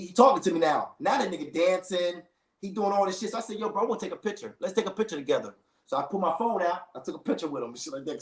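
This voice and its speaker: A man with a fairly high voice tells a story in a relaxed, animated way, full of slang and acted-out quotes. The room around him is echoey. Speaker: storyteller in a casual conversation. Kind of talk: casual chat.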